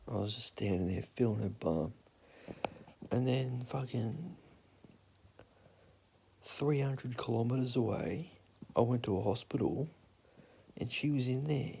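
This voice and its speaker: Gravelly, swearing young Australian man. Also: mid-range voice, a little slow, pauses often, dark tone. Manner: crude, rambling, swears a lot. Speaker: storyteller. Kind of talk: casual storytelling.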